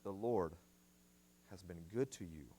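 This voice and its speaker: A man's voice: sits low, unhurried, mellow, slight background noise. A middle-aged man preaching a sermon at a church family seminar, emphatic and repeating his commands for stress. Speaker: guest speaker at family seminar.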